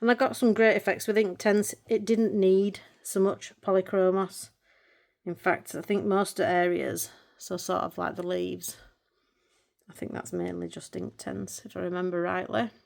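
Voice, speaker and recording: A middle-aged woman, talking casually and warmly about her hobby books. Her voice sits in an ordinary middle pitch. Her talk is chatty and emotional, broken up by frequent laughter. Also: little pitch movement, normal speed, creaky. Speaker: colouring channel vlogger. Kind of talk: casual chat showing books.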